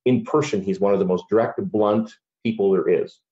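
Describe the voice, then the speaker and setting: A middle-aged man speaks as a podcast guest in a low, earnest voice. He tells his story casually and leans on "you know" between thoughts. The sound is muffled and lo-fi. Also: brisk, warm tone. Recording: dull lo-fi recording.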